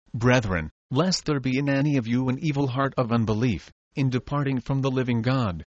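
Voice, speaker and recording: A man reads old devotional prose in a measured, formal voice with solemn emphasis. His pitch sits in an ordinary middle range. The recording is dry and close, with a slightly dull, muffled tone. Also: dry recording. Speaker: audiobook reader.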